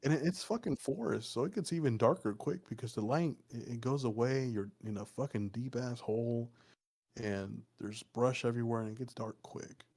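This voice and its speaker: This podcast co-host's voice is medium-pitched with a darkish tone, delivered at a normal speed. He tells a folk story in a loose, casual way, cursing frequently and wandering off track with many fillers.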